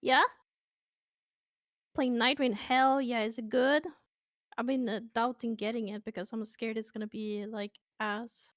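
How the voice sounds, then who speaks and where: A woman's voice: on the high side, level tone, unhurried, pauses often, no room sound, studio quality. A woman from Sweden with a Swedish accent, chatting playfully and casually with stream viewers over a voice call. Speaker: guest on a stream.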